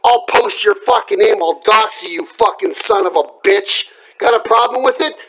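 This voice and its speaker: Angry home vlogger, male, very high pitched, cracking voice, profane threatening rant. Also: moderate pace, sharp tone, a little hiss or hum, poor audio. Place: home at night.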